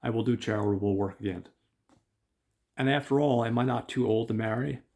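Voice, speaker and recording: A man reading aloud and voicing an older wealthy man, earnest and formal, with a gravelly edge. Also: medium pitch, fairly quick, a little mellow, close to an everyday voice. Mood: hopeful. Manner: earnest, formal old-fashioned phrasing. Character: older wealthy man, bitter then hopeful.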